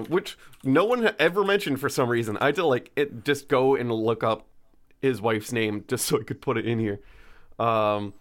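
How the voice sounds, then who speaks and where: Rambling man telling a story. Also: medium pitch. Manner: rambling, stumbles over names, many fillers. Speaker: podcast co-host telling a history story. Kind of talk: casual storytelling chat.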